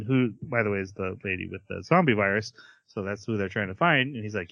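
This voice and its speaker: A man hosting a podcast, chatting casually as he recaps an anime episode, laughing often and quickly acting out the characters' lines. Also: on the low side, expressive, fairly bright tone, no echo, highs cut off. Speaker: podcast host.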